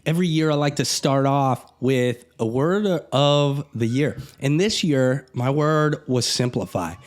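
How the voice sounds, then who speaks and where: A middle-aged man, a real estate broker, giving a blunt, conversational pep talk to camera. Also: mid-range voice. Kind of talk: motivational vlog talk.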